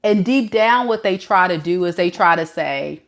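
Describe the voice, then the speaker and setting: A woman giving an animated tarot reading, often laughing and acting out what the other person is thinking. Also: on the low side, normal speed. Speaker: tarot reader.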